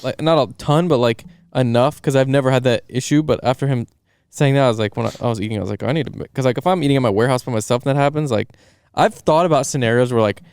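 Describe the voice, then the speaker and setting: On a podcast, a male co-host talks fast in a mid-range, slightly mellow, smooth voice. The chat is casual and rambling with lots of fillers, and the recording is clean studio sound without any room sound.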